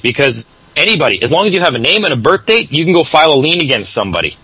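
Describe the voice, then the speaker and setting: A man's voice: a little high, sing-song, very fast, pushed and bright, slightly rough, rough recording. A man hosting a casual talk show, lecturing and advising at length. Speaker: show host.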